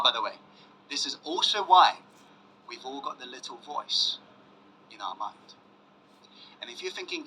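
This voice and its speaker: A man giving a motivational self-help masterclass, pressing the audience with questions and dropping to hushed emphasis. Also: on the high side, a little hiss or hum, poor audio. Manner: emphatic, asks audience to say yes, swings loud and hushed. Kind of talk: motivational webinar talk.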